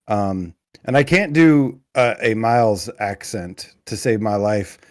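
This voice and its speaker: A man's voice: fairly low pitch, takes it slowly. A man filling in as co-host on a live gaming podcast, joking around and talking casually with frequent fillers. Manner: jokey, hypes things up, lots of fillers. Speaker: guest co-host. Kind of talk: casual live show chat.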